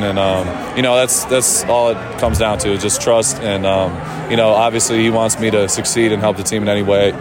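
A male football player answers reporters outdoors after practice, his voice on the low side. He speaks in a relaxed, halting way, full of "you know" and "um", with music clearly audible in the background. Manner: relaxed, halting, many fillers. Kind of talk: media interview answers.

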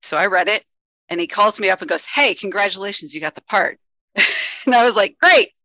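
A woman's voice: mid-range voice, brisk, bright, forceful tone, no room sound. A woman, a lead cast member, telling a story casually with wry amusement.

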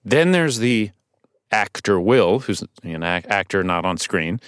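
A man guesting on a podcast as an actor, telling stories casually in a studio, animated and swearing now and then. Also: fairly low pitch, measured pace, smooth, no room sound. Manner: animated storytelling with restarts and swearing.

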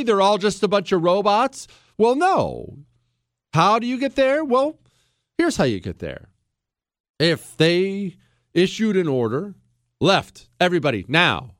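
A man with a high voice hosts talk radio in a heated monologue, firing off rhetorical questions and building toward anger. His voice is close-miked and bone dry, with no room sound at all. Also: no room sound. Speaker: radio talk show host. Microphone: studio microphone.

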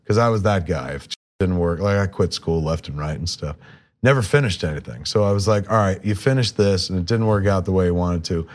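A middle-aged man with a lowish voice. He rambles through casual anecdotes and acts out other people's lines. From New Jersey. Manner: rambling, animated anecdotes with quoted dialogue. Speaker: podcast guest, filmmaker. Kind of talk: casual storytelling.

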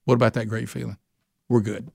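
A man's voice: medium pitch, little pitch movement, brisk, gravelly, a little mellow, slightly rough, dry recording, clean studio sound. A male pastor preaching a sermon in a folksy, conversational way, often asking the listeners questions.

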